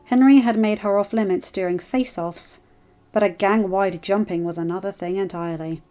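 A woman's voice: mid-range voice, fairly even intonation, moderate pace, mellow, lo-fi sound. Woman reading fan fiction aloud. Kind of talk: story narration.

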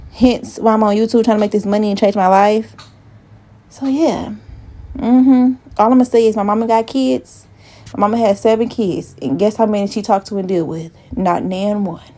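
Speaking warmly at a medium pitch, this woman in her twenties vlogs straight into her phone, swearing without restraint and sounding slightly winded. She's direct and relaxed, and the audio comes from a phone mic with an earbud.

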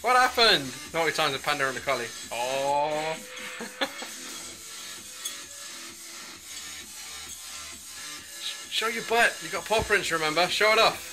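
Woman, home video, teasing and giggly, lively pitch. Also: extremely slow, pauses often, over music. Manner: giggly, teasing, coos at the dogs in baby talk. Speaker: person filming a friend and pet dogs. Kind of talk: casual home video chat.

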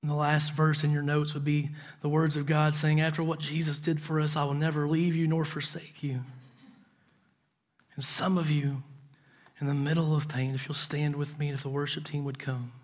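A man preaching a sermon as pastor, telling a story earnestly and often dropping to soft, intense tones. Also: on the high side, little pitch movement, moderate pace. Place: church.

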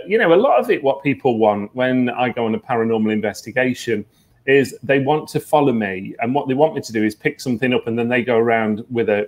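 A man, a psychic medium guest, telling stories earnestly in a relaxed interview, with many fillers. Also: medium pitch. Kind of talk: conversational interview.

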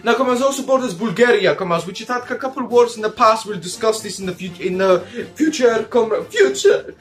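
Young male comedic host, high-pitched, rambling and irreverent, faint music behind. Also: expressive, a little fast. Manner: calls the audience "comrades" constantly; rambling, jokey, playfully crude. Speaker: comedic country-review host. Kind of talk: comedic commentary over maps.

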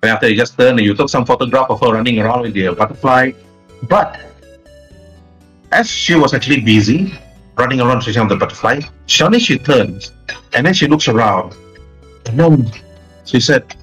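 A man's voice: mid-range voice, lively intonation, brisk, pauses often, a bit bright, slightly rough, faint music behind, rough recording. Rambling man running a tabletop game. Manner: rambling, frequent restarts and "and then". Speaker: game master.

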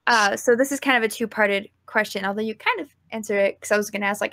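A woman's voice: medium pitch, fast talker, hardly any pauses, a bit bright. A young woman with a Southern American accent, asking rambling questions with giggles on a casual gaming podcast. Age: young adult. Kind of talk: casual interview chat.

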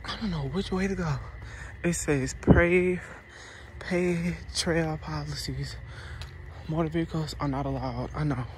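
Excitable young man vlogging outdoors. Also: a little high, measured pace. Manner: excitable, gushing, swears freely. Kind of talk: casual vlog chat. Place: outdoor park trail. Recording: outdoor noise of bugs and frogs. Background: insects and frogs.

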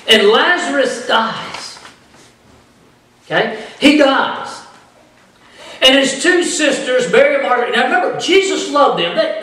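A man preaching a sermon as pastor, with animated delivery that acts out the voices of the people in his story. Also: very high voice. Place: church sanctuary. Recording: echoey church from far off.

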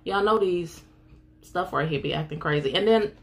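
Woman preaching a lively Bible study. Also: on the low side, moderate pace. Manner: preacher-style call-and-response, greeting viewers by name. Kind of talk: livestreamed Bible study teaching. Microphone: phone.

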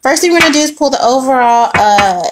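A woman's voice: high-pitched, lively intonation, fast talker, slight background noise. A young woman reading tarot in a casual, slangy chat, laughing often as she talks to her viewers. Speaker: tarot reader.

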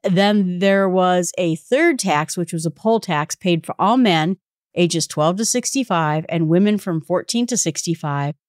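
A woman's voice: on the low side, a little slow, darkish tone, dry recording, studio quality. A woman hosting a Bible study podcast, teaching conversationally, reading scripture aloud and asking rhetorical questions.

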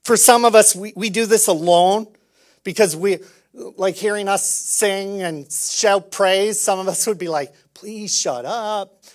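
A man preaching a sermon as pastor, animated and playful, acting out little dialogues and swinging from soft asides to loud calls. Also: sits high, measured pace.

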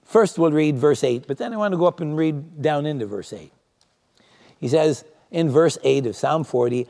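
A man's voice: on the high side, animated, normal speed, vocal fry, darkish tone, big-room sound. A male pastor preaching a conversational sermon, often asking rhetorical tag questions. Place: church sanctuary.

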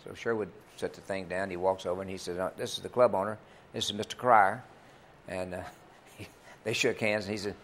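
A man's voice: fairly low pitch, fairly even intonation, fast talker, fairly bright tone. Folksy older man telling stories. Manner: folksy, rambling anecdotes with many fillers. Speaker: country singer and club owner, interview guest. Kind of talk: storytelling in a TV interview.

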